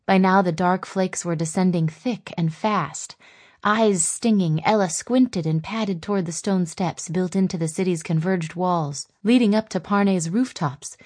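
A woman reading a novel aloud as an audiobook narrator, in a measured storytelling manner. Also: fairly low pitch, a little mellow. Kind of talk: scripted narration.

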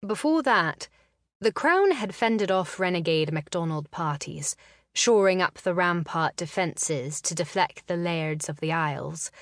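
A woman narrating a historical novel in a slow, measured reading. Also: lowish voice, animated, dry recording, studio quality. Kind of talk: scripted narration.

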